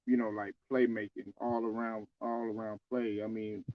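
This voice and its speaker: Low-voiced man giving casual sports opinions. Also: level tone, moderate pace, dry recording, phone-quality sound. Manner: loose and conversational, many fillers and restarts. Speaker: sports commentator. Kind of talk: casual basketball opinion talk.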